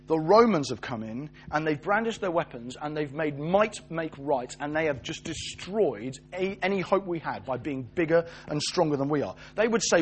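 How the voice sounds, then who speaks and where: A husky, fairly high-voiced British man preaches to a live audience. He is animated and jokey, slipping into little character voices to tell the story. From Britain. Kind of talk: lively sermon talk.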